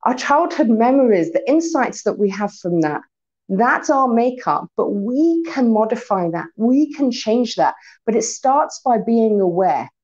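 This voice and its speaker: A somewhat high-voiced woman teaches with lively, expressive delivery, spelling out letters and acting out short scenes. The recording sounds a little dull and muffled. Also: measured pace. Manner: lively teacher, spells out acronyms, acts out quoted exchanges. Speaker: Torah teacher. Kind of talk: recorded talk to an unseen audience.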